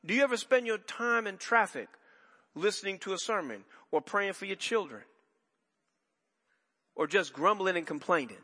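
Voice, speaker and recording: Male pastor, conversational sermon full of asides and restarts, lifted pitch, echoing church. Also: expressive, moderate pace, long pauses, bright, forceful tone, slightly rough. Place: church sanctuary.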